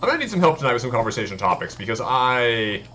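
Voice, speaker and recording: A man's voice: medium pitch, sing-song, fast, sharp tone, a little hiss or hum. A man streaming a video game, chatting casually and poking fun at his own play while answering his viewers. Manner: self-deprecating, talks to chat. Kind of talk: casual let's-play chat.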